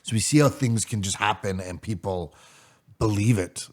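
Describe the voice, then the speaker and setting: Low-voiced man rambling on a podcast. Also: moderate pace, a little mellow. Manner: rambling, restarts mid-thought. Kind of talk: casual comedic chat.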